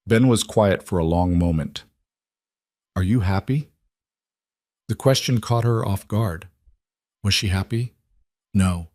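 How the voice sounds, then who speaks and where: A man narrating a dramatic romance story in a steady, even reading voice. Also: fairly low pitch, no echo, studio quality.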